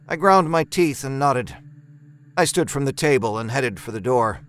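A man narrating a first-person horror story in a measured, deliberate way, lingering on its imagery. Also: mid-range voice, lively intonation, a little hiss or hum.

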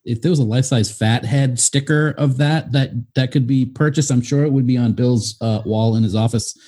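A man with a slightly husky voice co-hosts a podcast. He jokes along with the guest and then steers the talk on to a new topic. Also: medium pitch, moderate pace, dark tone. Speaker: podcast co-host. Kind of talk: casual interview questions.

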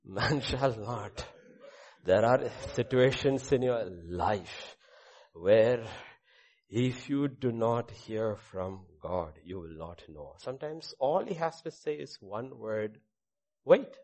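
Preaching with medium pitch and a slow, expressive delivery, this middle-aged pastor shares a personal testimony in his sermon. He alternates between booming declarations and hushed side remarks.

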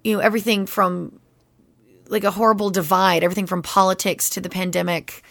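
A woman voice actress chatting casually as a podcast guest, animated and full of fillers. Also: mid-range voice, brisk, creaky, no room sound. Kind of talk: casual interview chat.

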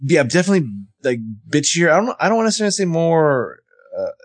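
Lively-voiced man chatting about a show. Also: a little high, fairly quick, no room sound. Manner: animated, hesitant, many fillers. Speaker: podcast co-host. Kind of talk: casual TV episode recap chat.

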